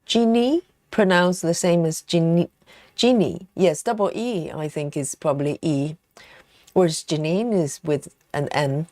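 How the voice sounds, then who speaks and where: Female stream host, lowish dry voice, chatty and giggly, answers chat between bites of chocolate. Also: unhurried, darkish tone, no room sound. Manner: chatty and giggly, reads viewer comments aloud; snacks on chocolate while talking. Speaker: livestream host. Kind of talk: casual live-stream chat while cross-stitching.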